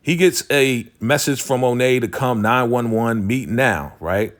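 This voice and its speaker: A man giving a casual recap of a TV episode, animated and slangy, full of "you know" and "like". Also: mid-range voice, unhurried. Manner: animated, slangy storytelling, acts out quoted lines; frequent "you know" and "like" fillers.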